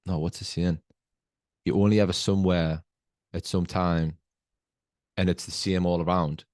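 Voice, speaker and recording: Deep-voiced man giving motivational talk. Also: little pitch movement, darkish tone, dry recording, clean studio sound. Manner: earnest, slow, emphatic coaching tone. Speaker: podcast host. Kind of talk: motivational podcast monologue.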